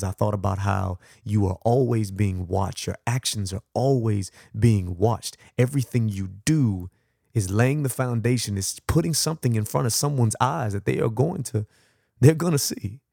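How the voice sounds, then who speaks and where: A low-voiced man with a gravelly edge tells a personal story as a podcast host, acting out the dialogue with lively energy and frequent laughs. The sound is dry and close, with no room around it. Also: no room sound. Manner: animated storyteller, acts out dialogue, laughs often.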